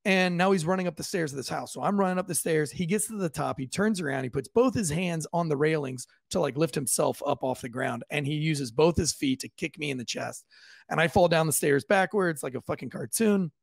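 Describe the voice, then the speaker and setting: A man, a police officer, casually telling a profane, lively story on a podcast and acting out the voices of the people in it. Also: fairly high pitch, brisk, vocal fry, no echo.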